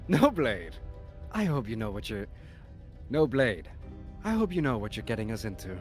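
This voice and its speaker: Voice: medium pitch, soft background music, close to an everyday voice. A streamer voicing the player's wary, sly inner voice in a game read-through. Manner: animated, sly, quick to backpedal. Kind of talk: reading a game aloud.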